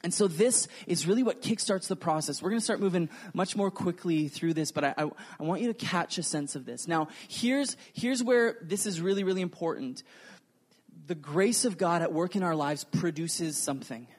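A man preaching a sermon, earnest and animated, acting out the quotes in his stories. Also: on the high side, normal speed. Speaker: pastor.

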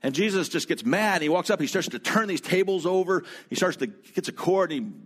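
A man's voice: high voice, lively intonation, a little fast, a bit bright. A man preaching a sermon as a pastor, telling a travel story in a conversational way and turning to speak directly to his congregation in the room.

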